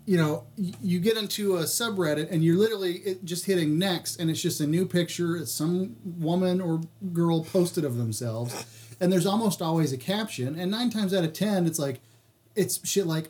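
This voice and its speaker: A man's voice: high-pitched, moderate pace, a little mellow. Chatty, profane male podcast co-host. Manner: loose, profane, joking storyteller. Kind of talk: crude casual chat.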